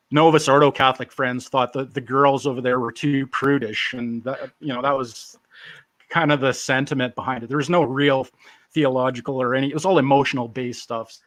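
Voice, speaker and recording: A man's voice: medium pitch, a bit bright, no room sound. Laid-back man in his forties. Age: 40s. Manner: laid-back, joking, self-deprecating. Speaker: interview guest. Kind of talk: casual storytelling.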